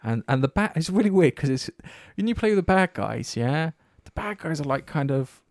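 A man chats casually about games, rambling, swearing often, and telling stories with animation. His voice is on the high side and his speed normal, recorded at studio quality with no room sound.

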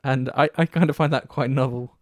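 Talking briskly in a medium-pitched voice, this man rambles about games in a casual chat, swearing freely through his animated stories. The recording is dry and clean, with studio sound.

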